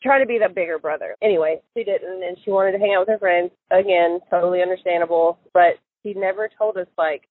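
A woman's voice: on the low side, quick pace, hardly any pauses. A woman recalling events in an interview, hesitant, with many fillers and restarts. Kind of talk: casual recorded interview. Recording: tinny phone-line sound, dry.

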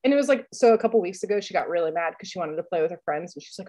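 A woman's voice: lowish voice, expressive, rapid-fire, hardly any pauses, mellow. Chatty woman, laughs a lot. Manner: chatty, laughs often, many fillers like "like". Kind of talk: casual chat.

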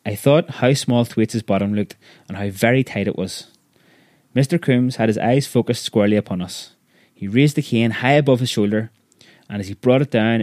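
A man narrating a story aloud in a measured, vivid way. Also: on the low side, a little mellow, dry recording, clean studio sound.

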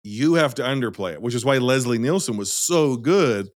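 A man co-hosting a casual film discussion podcast, emphatic and animated, swearing now and then. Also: mid-range voice, moderate pace, dry recording, clean studio sound.

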